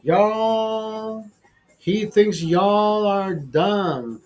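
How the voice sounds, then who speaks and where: A man putting on a mocking impression of a male politician using street slang, drawn out and slow. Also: high voice, a little mellow, soft background music.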